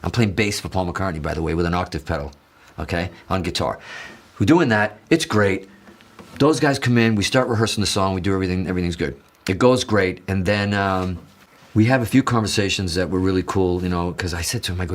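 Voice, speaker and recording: A man from the Azores telling an excited, rambling story as a guitarist guest, swearing and acting out quotes. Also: deep voice, quick pace. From Azores, Portugal. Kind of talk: animated storytelling in an interview.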